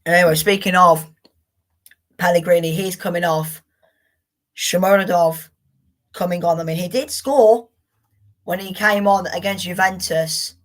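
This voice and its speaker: Young woman, slightly low pitch, football watchalong host, annoyed, sweary, chatty. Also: steady tone, a little slow, long pauses. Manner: frustrated, swears, chatty with viewers. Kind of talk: live football watchalong commentary.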